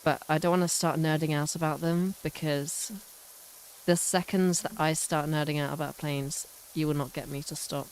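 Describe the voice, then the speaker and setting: A woman's voice: low voice, fairly even intonation, moderate pace, slight background noise, poor audio. A woman chatting casually on a game live stream, rambling and self-mocking.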